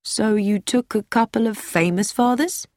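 A woman reading an audiobook, voicing a kindly male police inspector who asks calm, probing questions. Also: medium pitch, moderate pace, no echo, studio quality, close to an everyday voice.

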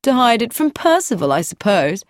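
A woman's voice: on the high side, sing-song, moderate pace, dry recording, studio quality, voice pushed up. A woman voicing a brash, cheerful younger brother who talks in a breezy, mocking way.

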